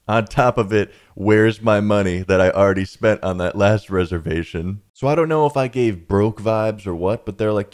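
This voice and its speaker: A man's voice: fairly low pitch, expressive, normal speed, darkish tone. A young man tells a travel story in a casual, rambling way, often saying "man" and "dude". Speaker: vlogger telling a travel story.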